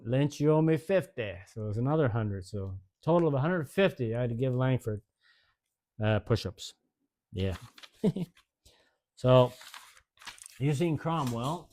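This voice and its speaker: A man's voice: medium pitch, darkish tone. A man in his sixties casually telling old stories in a folksy, rambling way, chuckling often. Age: 60s. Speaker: host telling service stories. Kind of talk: casual storytelling.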